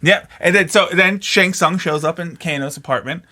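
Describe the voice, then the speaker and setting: A man co-hosting a podcast, chatting casually about a movie, animated and profane, mockingly acting out the characters. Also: a little high, normal speed. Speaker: podcast co-host. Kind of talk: casual movie commentary chat.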